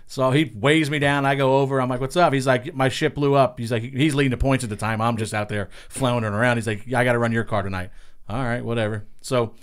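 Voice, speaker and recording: A man's voice: medium pitch, fast talker, clear, resonant tone. A middle-aged man from Long Island, a racing spotter, telling profane stories and acting out what people said. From Long Island, New York. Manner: profane, animated storyteller acting out quotes. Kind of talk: casual storytelling.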